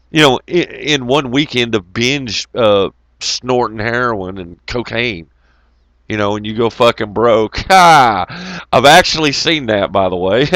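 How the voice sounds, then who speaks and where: A man's voice: on the low side, a bit bright, no room sound. Profane, rambling man. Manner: profane, rambling, laughs often. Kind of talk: casual rambling storytelling.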